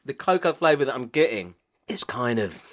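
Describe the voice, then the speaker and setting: A man co-hosts a comedy podcast in lively, animated tones, his pitch rising and falling a lot. He is wry and quick to swear, and he giggles between the jokes. It sounds like casual banter. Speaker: podcast co-host.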